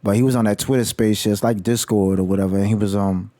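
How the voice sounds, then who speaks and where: A man's voice: lowish voice, fairly even intonation, quick pace, dark tone, dry recording. A man vlogging about college football in a heated, slangy rant full of swearing. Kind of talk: casual profane rant.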